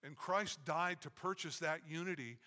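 A man preaching a sermon emphatically, acting out quoted lines and pausing for effect. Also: fairly high pitch, sharp tone. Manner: emphatic preaching with dramatic pauses. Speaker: pastor. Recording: echoey hall.

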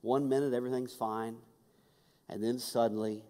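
A man preaching a sermon, moving between urgent, raised passages and hushed, quiet ones. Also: mid-range voice, fairly even intonation, moderate pace, big-room sound, background noise. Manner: dynamic, swings from urgent to hushed. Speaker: pastor.

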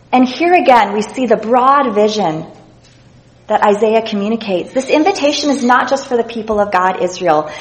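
A woman's voice: a little high, low-quality recording. A woman giving an earnest, reflective devotional Bible teaching, reading scripture passages aloud as she goes.

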